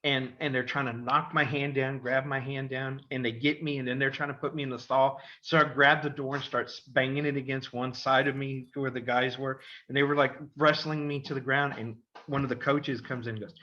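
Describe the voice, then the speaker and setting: Bright-voiced middle-aged man telling a story. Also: mid-range voice, brisk, hardly any pauses, lo-fi sound. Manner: animated storyteller, acts out voices. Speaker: podcast co-host, father. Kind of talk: casual storytelling.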